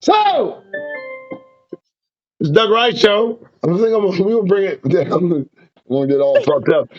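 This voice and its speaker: A man's voice: high-pitched, a little fast, faint music behind. A man hosting his own show, ranting with profanity and preaching warnings. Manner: profane, preaching, lively ups and downs. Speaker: show host. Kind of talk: impassioned ranting commentary. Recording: dull lo-fi sound.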